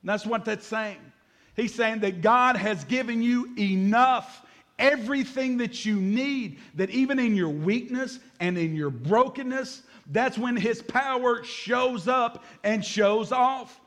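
High-voiced energetic male pastor. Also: slow pace. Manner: energetic, jokes with the congregation, repeats key words. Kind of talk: sermon.

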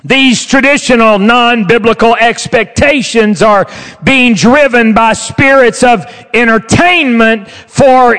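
A man preaching a sermon with emphatic, drawn-out stressed words. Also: high-pitched, a bit bright. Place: church sanctuary. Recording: long hall reverb.

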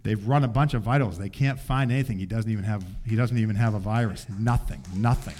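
An older man preaching, telling a family story in an animated way and acting out voices. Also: lowish voice, fast talker, noisy background. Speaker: pastor. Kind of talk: sermon storytelling.

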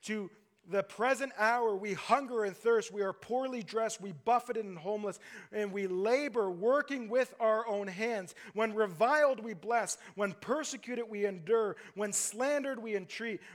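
A pastor preaching a sermon to his church, emphatic and direct, asking his congregation rhetorical questions. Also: high-pitched.

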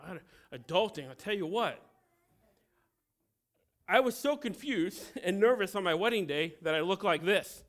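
A man in his thirties from the American Midwest giving a conversational, joking sermon with animated storytelling. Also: high voice, unhurried. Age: 30s. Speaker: pastor.

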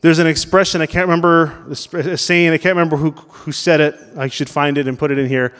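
A man's voice: a little high, fairly even intonation, a little fast, a bit bright, clear, resonant tone. A man preaching a sermon as pastor in a conversational way, asking the congregation questions. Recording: long reverb of a large hall.

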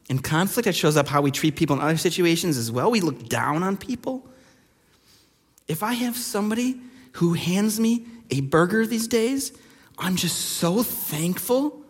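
High-voiced preacher in a reverberant hall. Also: male voice, slightly rough. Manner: conversational storytelling with many fillers. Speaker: pastor. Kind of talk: sermon.

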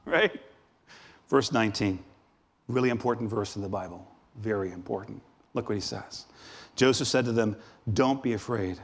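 A man preaching a sermon as a guest preacher, dramatic, swinging from loud exclamations to hushed asides. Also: lowish voice, a little fast, slightly rough. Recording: long reverb of a large hall.

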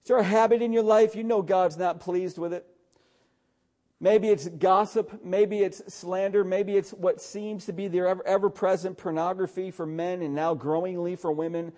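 High-pitched, mellow-voiced preacher man. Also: fairly even intonation, normal speed. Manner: urgent, exhorting preacher who often says "listen". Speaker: pastor. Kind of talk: sermon.

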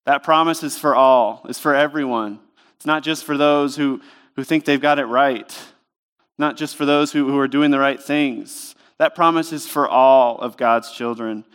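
A male pastor delivers a sermon from a church stage microphone. His voice is smooth and resonant, at an ordinary pitch for a man. He preaches conversationally and with emphasis, leaning on rhetorical questions. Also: fairly even intonation, moderate pace, a bit bright.

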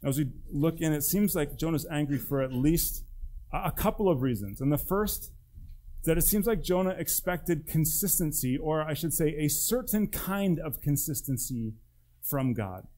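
A man's voice: on the high side, animated, moderate pace, mellow. A male pastor preaching a sermon in church in a conversational, emphatic way. He puts direct questions to the congregation. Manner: emphatic, with acted-out quotes.

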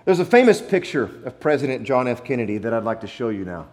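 Man, pastor, sermon, animated pitch, emphatic, playful, dramatic pauses. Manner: playful, acts out wrong versions for effect.

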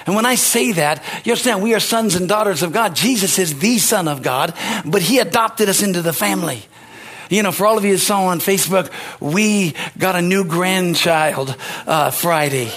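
An older man delivers a sermon in a husky, fairly high voice. He speaks earnestly and with feeling, shifting between quiet reflection and loud, excited preaching. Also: normal speed. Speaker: pastor.

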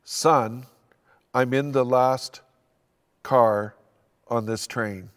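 An older male pastor voicing a gentle, loving father who speaks in a soft murmur. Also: mid-range voice, steady tone, extremely slow, voice pushed down. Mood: tender. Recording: long hall reverb.

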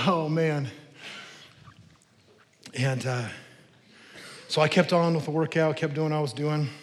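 A middle-aged man preaching a sermon as pastor in a church, animated, telling stories and acting out what people say. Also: fairly high pitch, unhurried, long pauses, slight background noise. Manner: animated preaching, storytelling with voiced asides. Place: church sanctuary. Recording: long hall reverb.

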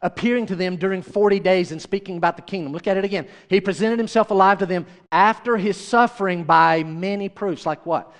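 High-voiced preacher in an echoey hall. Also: male voice, fairly quick, few pauses. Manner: conversational preaching, asks the congregation questions. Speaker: pastor. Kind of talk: sermon.

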